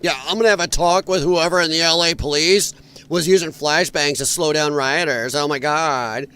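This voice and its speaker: A man's voice: fairly high pitch, fairly even intonation, moderate pace, sharp tone, smooth. Blunt, profane male stream commentator. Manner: rambling with restarts. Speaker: livestream commentator. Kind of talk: live political commentary over protest streams.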